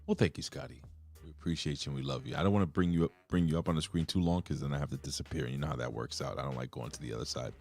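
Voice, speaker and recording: A man's voice: extremely low pitch, racing, darkish tone, no echo, soft background music. A man co-hosting a casual wrestling review show, rambling and cursing freely with lots of fillers. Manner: loose, profane, rambling with frequent fillers. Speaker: podcast co-host.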